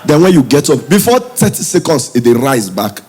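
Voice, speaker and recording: A Nigerian man doing stand-up comedy in Pidgin English, telling stories in an animated way. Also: mid-range voice, a little fast. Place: comedy stage before a live audience.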